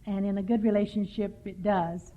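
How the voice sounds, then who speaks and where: A woman's voice: medium pitch, steady tone, normal speed. Older woman telling wry stories on lo-fi tape. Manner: dry self-mocking humor, storytelling. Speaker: workshop speaker. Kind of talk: recovery workshop talk. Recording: tinny lo-fi 1990s tape.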